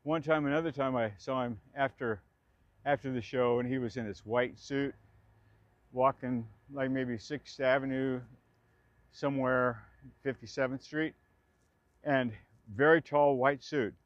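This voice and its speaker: A man's voice: medium pitch, steady tone, unhurried, no room sound, lo-fi sound. A man in his sixties chattily recalling his old theater days outdoors in a park, rambling, restarting sentences and laughing often. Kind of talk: casual spoken reminiscence.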